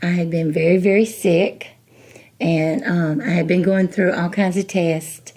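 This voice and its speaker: A woman's voice: fairly low pitch, fairly even intonation, a little slow, darkish tone. Middle-aged woman telling a story. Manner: chatty, folksy, many "you know" asides, acts out quoted dialogue. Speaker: guest, ministry director. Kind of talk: personal storytelling in an interview.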